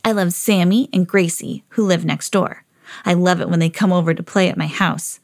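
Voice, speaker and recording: A woman's voice: fairly low pitch, normal speed, creaky, voice pushed down. A woman reading a children's storybook aloud as a lovable, eager female pet dog. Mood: earnest. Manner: earnest storybook reading, rising excitedly.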